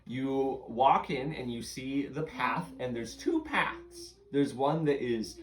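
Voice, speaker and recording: A woman's voice: a bass voice, lively intonation, slow pace, roomy sound. A woman running a playful, interactive story game for children, coaxing them along and laughing often.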